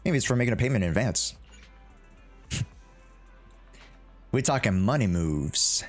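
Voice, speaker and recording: A young man hosting a live reaction stream, talking in a loose, slangy way and breaking into laughs. His pitch bounces around a lot. Faint music plays behind him. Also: lively intonation, measured pace, pauses often. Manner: hyped, slangy, laughing often.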